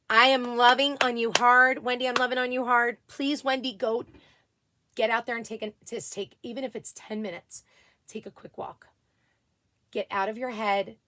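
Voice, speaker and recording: A woman's voice: on the high side, no room sound. A middle-aged woman hosting a casual livestream, chatting and reading viewer comments aloud. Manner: chatty, reads viewer comments aloud, warm thanks and apologies. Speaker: livestream host.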